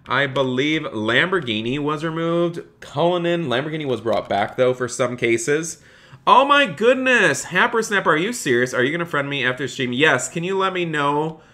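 An upbeat man runs a live game stream, chatting with his viewers as he plays and reading their messages aloud. His voice is bright and forward, sitting in a middle register, with keyboard typing behind him. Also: mid-range voice. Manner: upbeat, reads chat aloud and answers viewers. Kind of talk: live-stream commentary while playing.

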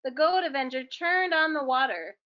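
A woman reading a children's book aloud in a gentle, expressive storytelling manner. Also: sits high, moderate pace, highs cut off.

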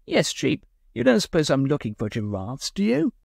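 A man voicing a mischievous young gentleman who talks in a breezy, teasing way. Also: on the high side, huge pitch swings, moderate pace, creaky, breathy edge, no room sound, studio quality, heavily acted. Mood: brusque.

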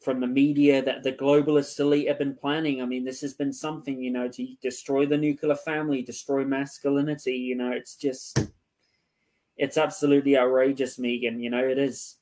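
A man's voice: mid-range voice, level tone, a little fast, darkish tone. A man hosting a podcast interview, agreeing readily and leaning on "you know" fillers. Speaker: podcast host.

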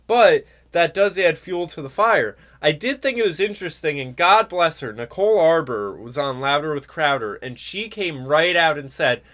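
A man's voice: fairly high pitch, lively intonation, normal speed, hardly any pauses, fairly bright tone. A man hosting a political talk show, ranting sarcastically and mimicking others. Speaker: podcast host. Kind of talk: political commentary chat.

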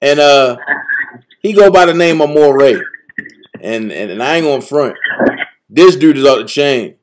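A man's voice: fairly high pitch, lively intonation, normal speed, slight background noise. A man hosting a live-stream talk show, speaking in laid-back, slangy street talk. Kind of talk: casual live-stream chat.

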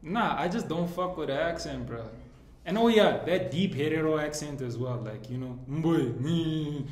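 A man's voice: fairly high pitch, animated, moderate pace. A man guesting on a casual group chat, giving his opinions bluntly and swearing freely. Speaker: podcast guest. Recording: echoey room.

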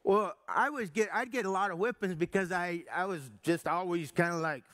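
A man preaching a sermon, telling a personal story in a folksy, halting way with many restarts. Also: high-pitched, a bit bright. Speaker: pastor.

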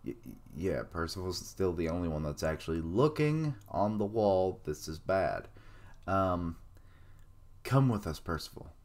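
A man's voice: deep voice, lively intonation, unhurried, a little mellow. A man giving casual live reaction commentary on an anime, blurting out surprised remarks and swearing casually. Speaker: reaction streamer.

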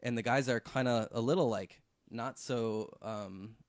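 Speaking a little slowly in a medium pitch, a man recounts a story on a relaxed podcast, with no echo in the recording. He works in visual effects, and his talk is full of fillers and free-flowing profanity.

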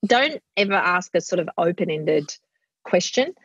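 A woman's voice: lowish voice, animated, unhurried, breathy edge, no room sound. A middle-aged woman being interviewed in casual chat, animatedly acting out what she tells her kids. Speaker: guest. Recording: muffled dry audio.

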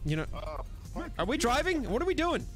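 A man's voice: very high voice, big pitch swings, a little fast, fairly bright tone, soft background music. A man live-streaming a VR shooter, bantering with his chat in a crude, playful way. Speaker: game streamer.

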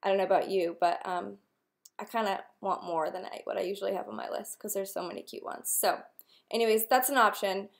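A woman's voice: mid-range voice, steady tone, brisk, gravelly. A young woman talking casually to camera as a nail wrap consultant, chatty and upbeat, with lots of filler ums. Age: young adult. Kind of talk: casual direct-to-camera vlog.

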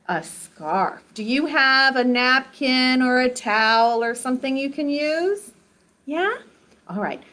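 A woman with a high, light voice leads a children's sing-along activity lesson. She takes her time with each phrase and keeps cheering on the little ones watching at home. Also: a bit bright. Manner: encouraging, speaks slowly and directly to young children. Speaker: children's program host.

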